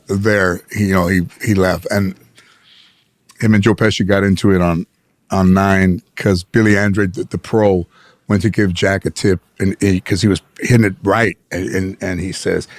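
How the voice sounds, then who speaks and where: Man, middle-aged, gravelly voice, animated storyteller, dry sound. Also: lowish voice, normal speed, no room sound. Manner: animated storyteller, bursts of laughter. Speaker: guest comedian. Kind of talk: casual storytelling chat.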